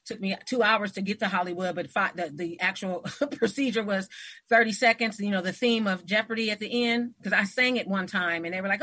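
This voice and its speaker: A woman hosting an interview, telling personal stories in a casual, animated way and acting out the voices of people she quotes. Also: mid-range voice, moderate pace. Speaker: host.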